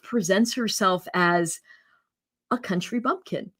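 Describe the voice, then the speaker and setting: A woman guest commenting in a casual interview, animated and incredulous in tone. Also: medium pitch, unhurried.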